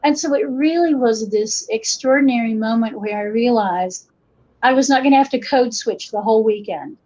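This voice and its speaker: On a dull lo-fi podcast, a western North Carolina folklorist with an Appalachian accent chats as an interview guest at normal speed, her voice on the high side. She tells stories, breaking into animated asides where she voices quotes.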